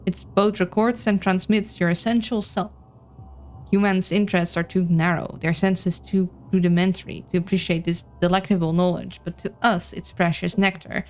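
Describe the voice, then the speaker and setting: A woman voicing a sly ancient talking plant parasite with a folksy cowboy drawl, her voice hoarse. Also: fairly low pitch, fairly even intonation, moderate pace, a little mellow, natural voice. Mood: coaxing.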